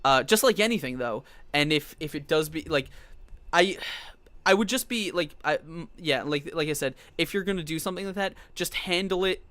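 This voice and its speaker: A man hosting a live-streamed tabletop gaming talk, speaking in a halting way with many restarts. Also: on the high side, fairly bright tone, no echo. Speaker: dungeon master show host. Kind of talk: live-streamed casual chat.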